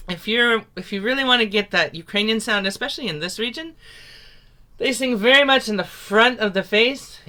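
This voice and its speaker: A woman's voice: on the high side, sharp tone. A woman teaching a folk song over a video call, upbeat and encouraging, laughing easily.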